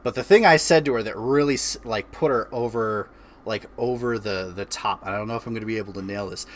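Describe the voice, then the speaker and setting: A man's voice: on the low side, a little fast, a little hiss or hum. A man hosting a casual chat from his home by the fire, telling a story in a laid-back way and laughing often. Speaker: streamer and host. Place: at home by a fireplace.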